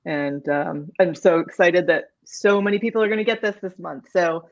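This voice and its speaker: Woman podcast cohost, low pitch, dry lo-fi sound, encouraging and agreeable. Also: moderate pace, no room sound. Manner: warmly encouraging, many short affirmations. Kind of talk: casual podcast chat.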